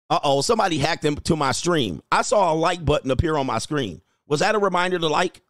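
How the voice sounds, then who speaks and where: A man hosting a casual livestream, reading viewer comments aloud, animated and laughing, with loose swearing. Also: fairly high pitch, fast, hardly any pauses, dry recording, clean studio sound. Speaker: livestream host reading chat.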